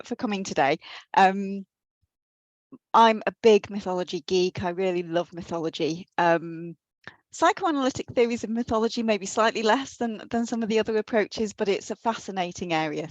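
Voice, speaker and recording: A woman lecturer gives a guest talk on mythology into a computer mic in her office at home or work, earnest and a little self-deprecating, with some restarts. Her voice is mid-range, with no room sound, and the recording quality is low.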